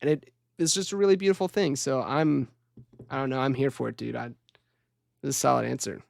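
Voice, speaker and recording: A man in a podcast conversation who speaks in a relaxed, reflective way and laughs easily. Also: medium pitch, brisk, gravelly, no room sound, studio quality.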